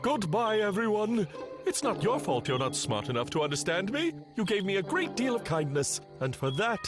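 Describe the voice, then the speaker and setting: A high, pompous cartoon inventor. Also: male voice, big pitch swings, normal speed. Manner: theatrical, swinging between pompous and desperate. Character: moody misunderstood cartoon inventor creature. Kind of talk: animated cartoon dub. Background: background music.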